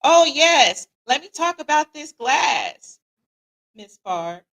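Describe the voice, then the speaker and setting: A middle-aged woman hosts a casual livestream, reading out viewer comments. Her voice sits a bit high, and she talks in a lively, slangy, joking way. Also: slow pace. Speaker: podcast host.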